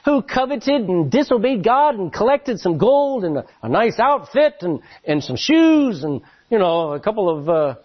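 Animated high-voiced male preacher, husky. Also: normal speed, few pauses, lo-fi sound. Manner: animated storytelling with many restarts. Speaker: pastor. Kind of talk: sermon.

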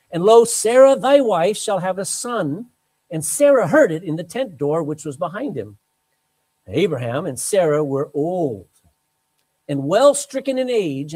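A man's voice: sits high, a little mellow, poor audio. A man preaching a sermon, reading scripture aloud and breaking in with emphatic, chatty asides. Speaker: pastor.

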